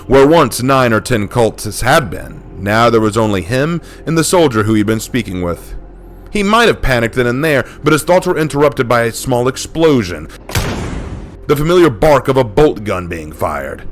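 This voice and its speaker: A man telling a dark war story in a steady, dramatic scripted narration. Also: mid-range voice, moderate pace, slight background noise.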